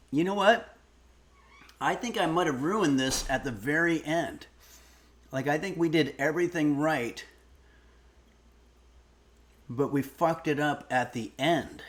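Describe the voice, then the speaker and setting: A man hosting a live-stream cooking lesson, chatting casually, frank and self-mocking, swearing now and then. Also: fairly high pitch.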